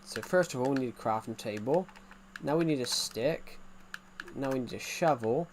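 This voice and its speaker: A man's voice: medium pitch, moderate pace, slight background noise. A man casually chatting while streaming a game, rambling and reacting to viewers' comments. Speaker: gaming streamer.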